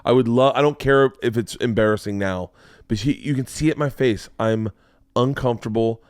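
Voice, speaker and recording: A man in his forties, a podcast host, telling a story in casual chat and acting out the quotes with lively energy. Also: mid-range voice, fairly quick, clean tone, dry recording, studio quality. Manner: animated storyteller who acts out quotes.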